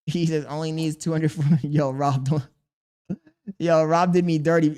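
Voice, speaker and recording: A man's voice: on the high side, fairly even intonation, moderate pace, darkish tone, clear, resonant tone. A young man streaming casually, reading chat aloud and answering with mock exasperation while talking to his baby daughter.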